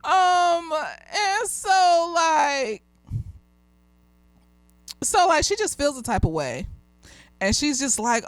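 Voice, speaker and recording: A woman's voice: on the high side, lively intonation, unhurried, no room sound. A woman therapist giving a casual, candid episode review, swearing freely and laughing often. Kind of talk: casual tipsy review chat.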